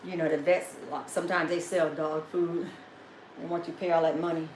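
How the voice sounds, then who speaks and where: A woman's voice: deep voice, flat delivery, fairly quick, darkish tone, slight background noise. A woman, chatting casually on a home livestream, laughing often and cooing at her dog. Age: 50s. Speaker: vlogger hosting a live chat. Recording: echoey room with faint ambience.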